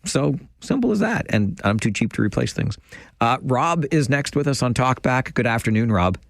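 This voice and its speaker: A man's voice: medium pitch, very animated, moderate pace, gravelly, no room sound, clean studio sound. A man hosting a radio call-in show, playful and teasing as he chats with callers. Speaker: radio talk show host.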